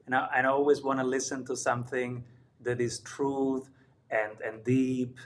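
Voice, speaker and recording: A man's voice: medium pitch, flat delivery, measured pace. Enthusiastic Italian man hosting a podcast. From Italy. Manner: enthusiastic, emphatic repetition. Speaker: podcast host. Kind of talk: casual interview chat.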